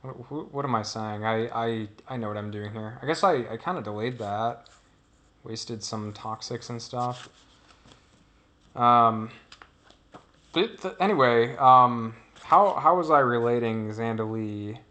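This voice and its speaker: A man with a mid-range, bright, forceful voice comments on his own gameplay, speaking a little slowly. His narration is loose and casual, drifting between thoughts with sentences that trail off.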